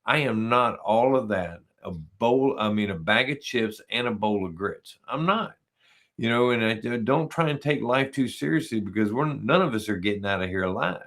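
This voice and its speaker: Man, low voice, podcast host, casual chat, joking storyteller. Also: lively intonation, moderate pace, fairly bright tone. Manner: joking storyteller, laughs at his own stories. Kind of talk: casual conversational interview.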